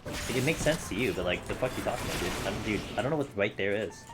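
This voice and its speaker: Man, low voice, casual streamer chat, joking and cursing, game music loud underneath. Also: lively intonation, rapid-fire. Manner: chatty, joking, reads and answers chat, swears casually. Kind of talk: casual live-stream chat while playing.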